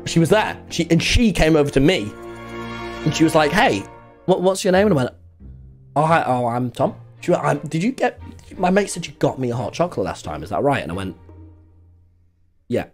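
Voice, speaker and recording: Excitable young man, lively pitch. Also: brisk, pauses often, faint music behind. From England. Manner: rambling, excitable, many fillers and sudden yelps. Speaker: streamer telling a story. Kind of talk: casual storytime chat.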